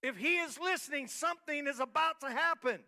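A man preaching a sermon as pastor, his voice sitting very high with a piercing, bright edge. He builds rhythmic, repeated lines and swings from quiet talk to full shouts. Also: a little fast. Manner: repetitive, rhythmic emphatic phrasing. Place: church hall, live-streamed service.

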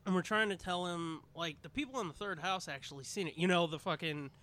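With a high voice and a slightly fast pace, a man co-hosting a podcast spins a neighborhood tale. He curses freely and animatedly acts out each character's lines.

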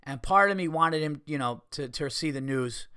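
A man's voice: a little high, normal speed, pushed and bright, clear, resonant tone, no echo, studio quality. A man hosting a podcast, telling a story casually and animatedly, swearing, acting out what people said and making sound effects. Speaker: podcast host and comedian.

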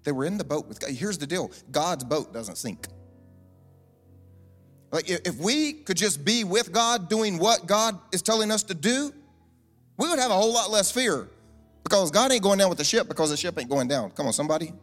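A man's voice: sits high, expressive, normal speed, fairly bright tone. Man preaching in an echoing hall. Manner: conversational, humorous preaching with asides and repetitions. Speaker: pastor. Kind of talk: sermon. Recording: echoing large hall, faint music.

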